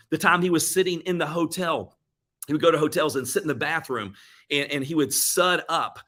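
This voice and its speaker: An earnest man gives a motivational talk, slightly higher-pitched than most men. He retells comeback stories in quick bursts, often restarting his sentences. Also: a bit bright. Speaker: motivational speaker.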